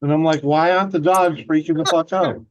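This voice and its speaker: A woman's voice: deep voice, a little fast, dry recording, poor audio. A woman chatting casually, chiming in and swearing freely. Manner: relaxed, chiming in with agreement. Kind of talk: casual chat.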